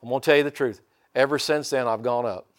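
A man's voice: mid-range voice, fast talker. An older man from Indiana preaching a sermon in a folksy way, often calling out for amens. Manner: folksy, calls for amens from the congregation. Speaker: pastor.

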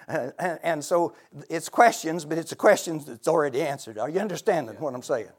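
A man preaching a fervent sermon who swings between hushed, intimate talk and loud shouts, with frequent laughter. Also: a little high, moderate pace, husky.

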